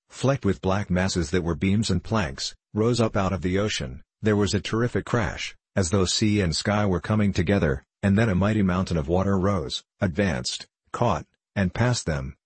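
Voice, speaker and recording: A man reads a novel aloud in a steady, measured way. His voice is very low and husky, recorded dry and close with no room sound. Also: no echo. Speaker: narrator. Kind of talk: audiobook narration.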